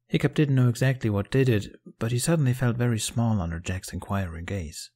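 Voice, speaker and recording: A man narrating a fan fiction audiobook in a calm, even storytelling manner. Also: mid-range voice, fairly quick, few pauses.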